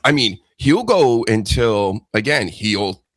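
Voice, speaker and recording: Low-voiced man hosting a casual chat. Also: very animated, slow, a bit bright, no echo. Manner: loose and profane, rambling. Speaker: podcast host.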